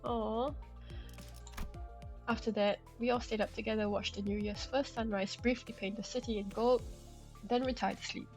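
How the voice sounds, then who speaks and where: A woman's voice: on the high side, steady tone, normal speed, pauses often, low-quality recording. A woman streamer reading a game's story aloud and talking back to its characters. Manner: reads narration and scolds characters out loud. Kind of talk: game playthrough with read-aloud narration. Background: game music.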